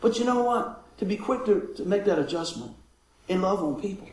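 A man's voice: sits high, animated, normal speed, darkish tone, roomy sound, poor audio. A man preaching a folksy sermon, often chuckling and calling out for amens. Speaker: pastor.

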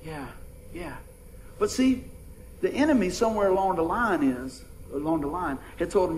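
A middle-aged man preaches in a loose, conversational way, tossing questions out to the pews. His voice sits high for a man. A faint noise floor runs under the recording. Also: lively intonation, normal speed, rough recording. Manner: folksy, conversational preaching with audience call-outs. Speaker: pastor. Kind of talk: sermon.

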